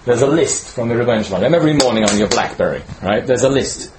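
A man's voice: medium pitch, animated, quick pace, over a noisy crowd, low-quality recording. A man teaching an informal sermon in a conversational way, often checking in with "right?" and restarting words as he searches for them. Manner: conversational, peppered with "right?" tag questions. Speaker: teacher giving a Torah talk.

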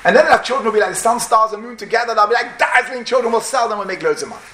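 A man doing a scheming slave trader, boastful and eager, in a bright, high voice. The space around him sounds roomy. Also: rapid-fire, a little hiss or hum. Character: one-upping male slave trader scheming for profit.

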